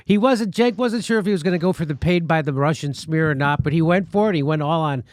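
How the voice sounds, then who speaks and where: A man hosting a political commentary show, talking in an animated, mocking and profane way. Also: on the high side, a little fast, no echo, clean studio sound. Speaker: show host.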